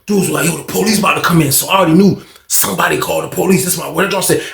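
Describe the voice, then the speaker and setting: A man casually telling a long story, acting out other people's lines and rising to shouts at the tense parts. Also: a little high, very fast, creaky, roomy sound, a little hiss or hum. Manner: animated retelling, acts out others' voices, rises to shouting.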